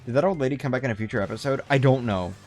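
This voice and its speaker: A man's voice: mid-range voice, racing. A young man in his twenties chatting casually on a game livestream, rambling, swearing often and restarting his sentences. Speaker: game streamer. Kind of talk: casual gaming livestream chat.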